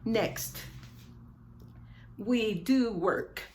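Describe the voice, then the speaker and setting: A woman teaching an English lesson, repeating example phrases slowly for emphasis. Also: fairly high pitch, a little mellow.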